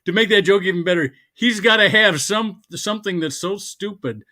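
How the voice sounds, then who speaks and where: A man's voice: sits high, normal speed, sharp tone, no room sound. A man hosting a casual comedy podcast, telling jokes and laughing often. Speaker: host.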